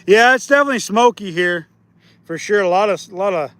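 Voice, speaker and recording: Man with a high voice, easygoing rambling streamer, chatting to viewers while fishing outdoors. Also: lively intonation, fairly quick, a bit bright, no room sound. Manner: easygoing, rambling, restarts often. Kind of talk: casual live stream chat. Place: outdoors by a lake.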